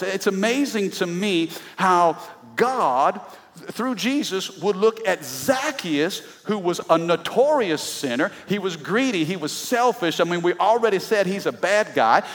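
A middle-aged pastor preaching an animated sermon, breaking into shouts and laughs. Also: male voice, high voice. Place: church sanctuary. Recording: long reverb of a large hall.

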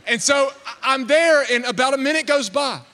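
A man in his thirties preaching in church, telling a funny story in an animated, excitable, self-mocking way. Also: very high-pitched, moderate pace. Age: 30s. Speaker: pastor. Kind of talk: humorous storytelling sermon. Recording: long hall reverb.

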